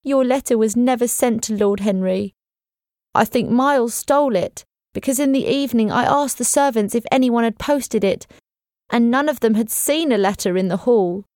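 A woman's voice: a little high, moderate pace, a little mellow, no echo, studio quality, voice pushed up, natural voice. A woman doing a worried, tearful housekeeper. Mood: urgent. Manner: anxious, pleading.

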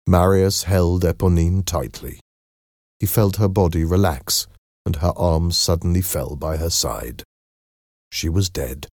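A man narrating a story in a slow, expressive reading style. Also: deep voice, no room sound, clean studio sound.

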